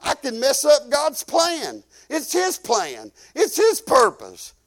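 Male pastor, 50s, high voice, homespun storytelling sermon. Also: huge pitch swings, slow, vocal fry, fairly bright tone. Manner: folksy, rambling, drops low when quoting himself.

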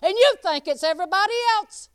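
High, folksy woman preacher. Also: lively intonation, a little fast, dry recording. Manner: folksy, calls out listeners by name, laughs often. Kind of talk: sermon.

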